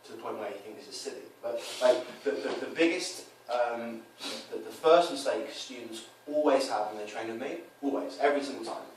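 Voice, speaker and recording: A dating coach talks casually about how he coaches, dropping into different voices to act out quoted lines and scenes. His medium-pitched voice is brisk and animated, with hardly any pauses. The mic sits at a distance in a roomy, echoing space, with faint noise underneath.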